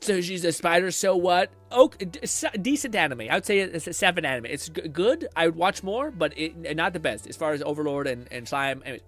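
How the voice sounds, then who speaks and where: A man hosting a casual reaction stream, talking bluntly and swearing freely. His voice sits high for a man and swings widely in pitch as he reacts, with faint music underneath. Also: brisk, hardly any pauses. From Canada. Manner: animated, swears, laughs often, blunt.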